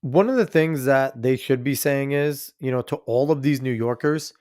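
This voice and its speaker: A male podcast host talking casually over a clip he plays. His voice sits at a middle pitch for a man. His delivery is blunt, profane and direct to the audience. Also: moderate pace, a little mellow. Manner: blunt and profane, talks straight to listeners. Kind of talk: casual commentary on a played clip.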